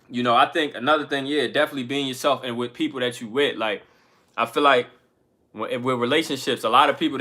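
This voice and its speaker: A man's voice: medium pitch, sharp tone. A man who makes music, talking candidly to his viewers in slangy, profane everyday speech. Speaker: music artist and channel host. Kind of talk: casual motivational talk to camera.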